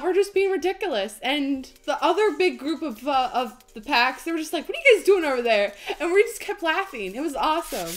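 Bubbly high-voiced woman with a hoarse voice. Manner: giggly, bubbly, sings snippets to herself. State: hoarse, voice nearly gone. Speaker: live stream host. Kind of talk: casual live-stream chat while baking.

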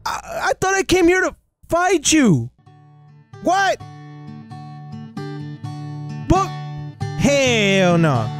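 A man's voice: extremely high pitch, huge pitch swings, slow, soft background music. A man hosting VR gameplay commentary, taunting game characters in exaggerated tough-guy slang. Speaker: VR gaming channel host.

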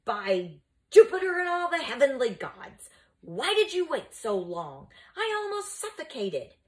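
A woman reading aloud, voicing an irritable old male teacher who shouts indignant complaints. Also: high voice, wildly swooping pitch, a little slow, pitched above the performer's own voice, heavily acted. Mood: angry, indignant.

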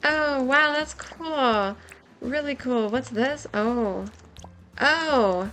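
A young woman giving excited, giggly commentary while playing a game, her voice worn from a long stream. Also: high voice, drawn-out words, pauses often, soft background music. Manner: gushing, giggly, exclaims often. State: voice nearly gone, worn.

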